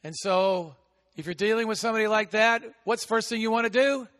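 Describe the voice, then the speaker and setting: A high, bright-voiced American pastor preaching with a big voice that jumps from fervent shouts to quiet asides. His words ring out with a long reverb through a church hall. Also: brisk. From United States. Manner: big voice that swings between shouting and hushed asides. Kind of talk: sermon.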